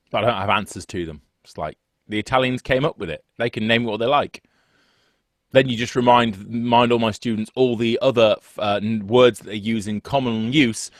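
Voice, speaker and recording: This man's lowish voice comes through a desk microphone on a video call as he teaches music theory from his two-screen home setup. He's conversational, self-deprecating, and prone to digressions. The sound is dry and studio-grade.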